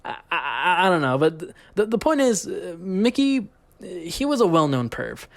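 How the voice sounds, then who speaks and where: A young man narrating a comedic story in a profane, rambling, deadpan way. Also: high voice, normal speed, gravelly. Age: young adult. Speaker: YouTube storyteller.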